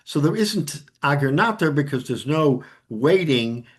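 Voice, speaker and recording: Rabbi teaching a Talmud class. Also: male voice, a little high, expressive, a little slow, slightly rough. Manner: explanatory, many restarts, Hebrew and Aramaic terms. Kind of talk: Talmud lesson.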